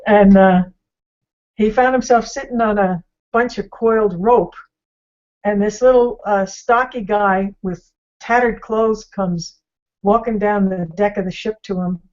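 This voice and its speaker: A woman's voice: medium pitch, steady tone, a little slow, a little mellow. A woman hosts an online group, retelling a story in a loose, casual way. She talks in a rambling manner with many fillers and restarts. Her audio is a little dull, as over a video call. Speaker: discussion host.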